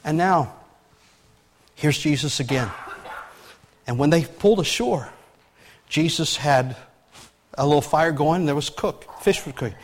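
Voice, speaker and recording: A man preaching a sermon as pastor, animated and emphatic, with frequent restarts and loud peaks. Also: a little high.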